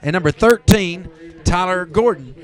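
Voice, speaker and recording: A man with a Southern American accent calling a high school football game play by play, easygoing and given to correcting himself. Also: animated, normal speed. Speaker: play-by-play announcer.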